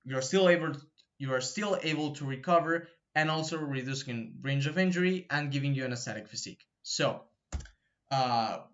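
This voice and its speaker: A man's voice: mid-range voice, fairly bright tone, muffled recording. A man hosting a fitness channel, explaining training in a loose, profane way with lots of fillers and "right?" tags. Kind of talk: casual explainer talk to camera.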